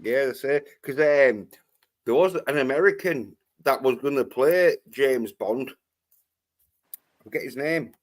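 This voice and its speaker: A man's voice: medium pitch, unhurried. A man with a Scottish accent, a panel guest in casual chat, rambling and swearing freely as he talks.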